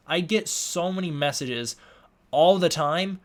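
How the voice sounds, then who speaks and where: Reading viewers' chat questions out loud, this young streamer talks casually and frequently trips over his words before starting again. He speaks slowly in a voice on the high side.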